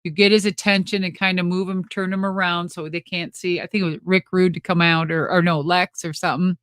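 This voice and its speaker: Laughing low-voiced woman telling a story. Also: little pitch movement, fairly quick, a bit bright, no echo, studio quality. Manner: rambling, laughs often, acts out quotes. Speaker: interview guest. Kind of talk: casual storytelling interview.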